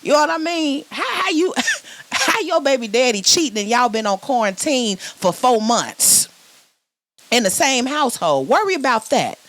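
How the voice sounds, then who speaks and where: Woman, stand-up comic, sassy, loud, restarts her phrases. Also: on the high side, very animated, moderate pace, no room sound. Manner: loud, sassy, repeats words when starting phrases. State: sweating. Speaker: stand-up comedian. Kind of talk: virtual stand-up comedy set.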